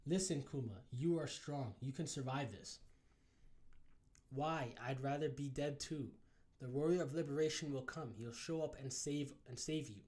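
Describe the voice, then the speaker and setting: A man's voice: medium pitch, normal speed, darkish tone, natural voice. A man reading aloud a captive father's lines in his own plain voice from a comic. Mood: gentle. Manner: plain read-aloud delivery. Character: captive father, kind and hopeful, grown man.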